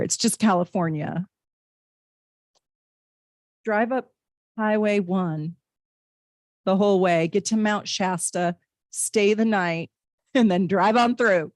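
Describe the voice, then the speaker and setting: A woman's voice: fairly low pitch, steady tone, takes it slowly, long pauses, a little mellow, no room sound, studio quality. Bubbly woman hosting a live tarot reading. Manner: bubbly and chatty, reads viewer comments aloud, laughs often. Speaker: astrologer and tarot reader hosting a live stream. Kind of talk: live-stream tarot reading, chatting with viewers.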